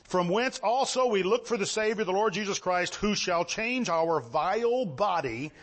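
A high-voiced male preacher delivering a sermon with lots of movement in his delivery. He reads old-fashioned scripture in a measured tone, then climbs into excited, ringing exclamations. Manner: animated, swings from low reading to high exclamations; reads scripture in King James wording.

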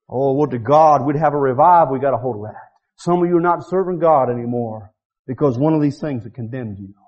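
A man preaching a revival sermon in church, swinging from quiet pleading to shouted, drawn-out climaxes. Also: fairly high pitch, muffled recording.

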